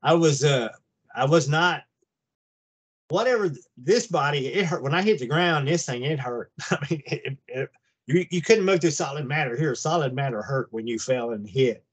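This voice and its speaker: A man over fifty telling a long personal story in a casual, halting way, full of restarts. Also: a little high, expressive, breathy edge. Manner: halting, rambling, with many restarts. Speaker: guest recounting an abduction experience.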